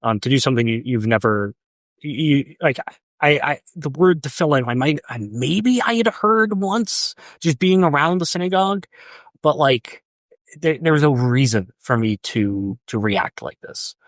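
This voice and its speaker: Young guy podcast guest, mid pitch, lots of um and repeated words, dry close mic. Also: lively intonation, no room sound. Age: young adult. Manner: halting, repeats words, many ums. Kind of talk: casual interview storytelling.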